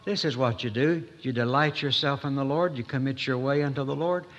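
A man preaching a sermon in a folksy manner, with dramatic pauses and rising emphasis. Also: mid-range voice, a bit bright, highs cut off. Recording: echoey hall.

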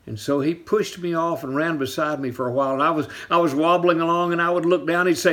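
A pastor preaching a sermon, telling stories and slowing down to stress key lines. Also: male voice, on the high side. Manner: storytelling preacher, shifts pace for emphasis, drops to soft asides.

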